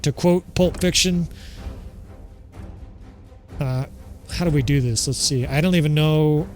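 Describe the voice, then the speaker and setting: A man with a slightly raised voice gives casual, unscripted gameplay commentary, candid and peppered with swearing. He talks straight to his viewers while faint game music plays underneath. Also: fairly high pitch. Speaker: gaming channel host.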